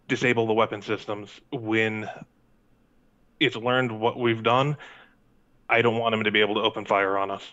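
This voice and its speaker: A man's voice: fairly low pitch, steady tone, normal speed, pauses often, bright, forceful tone. A man speaking formally as a player in a tabletop role-playing game. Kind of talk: in-character tabletop play. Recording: lo-fi mic.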